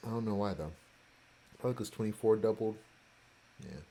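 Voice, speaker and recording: A man's voice: on the low side, brisk, mellow. A man casually talking through his vacation photos, rambling with offhand, self-joking asides. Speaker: vlogger going through his cruise photos.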